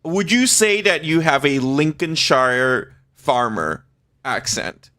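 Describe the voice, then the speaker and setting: Male streamer in his forties, loose and chatty, laughs a lot, unhurried delivery, bright tense tone. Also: on the high side, expressive. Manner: chatty, laughs often, swears freely. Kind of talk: casual live-stream chat.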